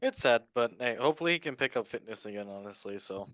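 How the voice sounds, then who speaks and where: Bright, clear-voiced male podcast host. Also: medium pitch, lively intonation, fast, no echo. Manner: laid-back, jokey. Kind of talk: casual sports chat.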